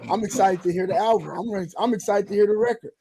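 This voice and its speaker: Teasing high-voiced comedian, busy room. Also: male voice, steady tone, fast, crowd noise. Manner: playful, teasing, joking. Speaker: comedian guest. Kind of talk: casual radio banter.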